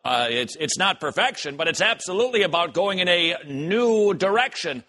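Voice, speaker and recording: A man hosting a commentary show, reacting to clips with animated, joking asides. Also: high-pitched, moderate pace, few pauses. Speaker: host.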